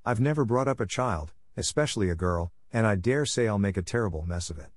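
A man's voice: fairly low pitch, animated, no room sound, studio quality, lightly acted. Stern old spinster, read by a man. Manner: brisk, scolding. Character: stern strict spinster woman, older, sharp-tongued.

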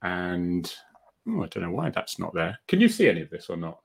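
A man's voice: sits low, wildly swooping pitch, fairly quick, gravelly, husky. A man co-hosting a live online chat in a joking, chatty way, easily flustered by technical trouble. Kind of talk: casual live-stream chat.

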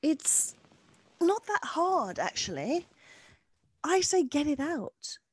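A woman's voice: high voice, sing-song, takes it slowly. A woman guest who works with clients, giving earnest, frank advice in a podcast conversation. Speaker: guest therapist speaking of clients.

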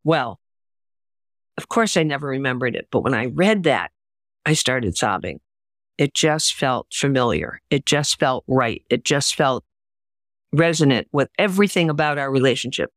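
A woman's voice: extremely low pitch, animated, moderate pace, no room sound, clean studio sound. An older woman, a memoir author and writing teacher, telling personal stories in an interview with earnest, emphatic delivery. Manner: earnest, emphatic, acts out quoted voices. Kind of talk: interview storytelling.

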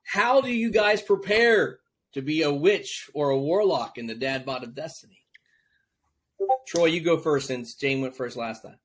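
A man's voice: a little high, measured pace, fairly bright tone, slightly rough. Upbeat laughing podcast host, a man. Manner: laughs often, teasing, upbeat. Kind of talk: casual interview chat.

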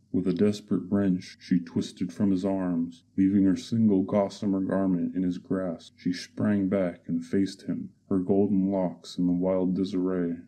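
A man narrating a fantasy audiobook in a measured, steady reading. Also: low-pitched, husky.

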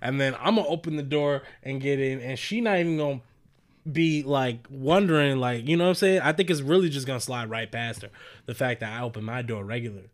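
A man's voice: medium pitch, brisk. A man co-hosting a podcast, laughing easily and telling joking stories in casual chat. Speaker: podcast co-host.

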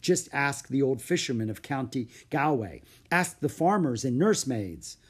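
A dreamy old Irish storyteller who believes in fairies, as a reader puts her on. Her telling is hushed and lilting, rising and falling widely, with a husky grain to the voice. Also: medium pitch, sing-song, normal speed. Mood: calm.

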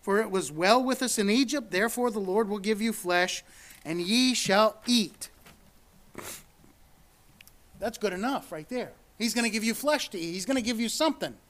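A man with a high voice preaches earnestly, reading scripture aloud between his own remarks. He repeats words as he goes and climbs higher when he presses a point. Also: a little fast, a bit bright.

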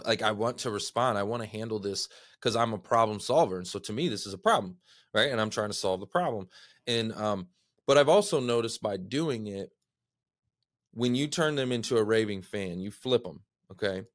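A man's voice: on the low side, a bit bright, no room sound, clean studio sound. A man hosting a podcast, chatting casually and telling stories with lots of "man" and "dude" fillers. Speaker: podcast host. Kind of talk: animated casual interview chat.

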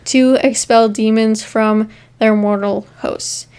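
A woman's voice: on the high side, steady tone, slow, a little mellow, a little hiss or hum. A woman co-hosting a casual podcast, reading case notes with asides and frequent ums. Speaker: podcast co-host. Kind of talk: casual true-crime podcast chat.

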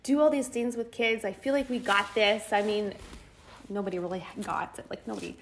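A woman co-hosting a podcast, telling a personal story in casual chat, animated, acting out quotes and laughing as she goes. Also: mid-range voice, a little fast, a little hiss or hum. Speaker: podcast co-host.

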